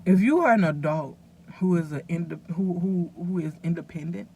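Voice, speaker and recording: A woman's voice: fairly low pitch, moderate pace, warm tone, a little hiss or hum. A woman vlogger talking casually and earnestly to her viewers, rambling a little as she gives them advice. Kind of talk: casual direct-to-camera talk.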